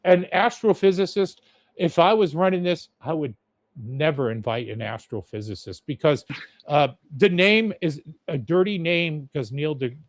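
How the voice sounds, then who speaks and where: A man's voice: a little high, moderate pace, no room sound. Blunt, profane man ranting. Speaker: podcast host. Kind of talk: casual rant.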